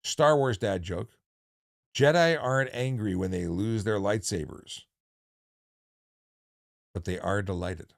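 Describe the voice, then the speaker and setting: A former police officer hosts a casual livestream in a low, fry-edged voice. He talks jokily and rambles, circling back and correcting himself often. His voice sounds close and dry, with no room sound around it. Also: slow pace, long pauses, no echo. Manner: jokey, rambling with many restarts.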